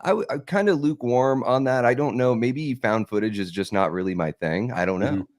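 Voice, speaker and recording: A man's voice: mid-range voice, a little fast, dry recording, clean studio sound. A man appearing as a guest on a casual live-stream chat, talking in a laid-back way with lots of fillers and easy laughter.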